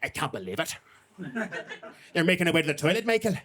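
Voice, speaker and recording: A man doing a scandalized Irish busybody woman who won't stop nattering at Michael. The put-on accent wanders, and the voice sits a little high and breathless. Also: big pitch swings, fast, bright, forceful tone. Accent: Irish, put on unevenly. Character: gossiping scandalized middle-aged Irish woman.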